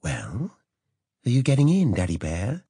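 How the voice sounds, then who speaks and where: A man's voice: on the low side, huge pitch swings, unhurried, warm tone, dry recording, studio quality, pitched above the performer's own voice, exaggerated voice. A man voicing a purring seductive woman. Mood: sultry. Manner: sultry, purring, breathy half-whispers.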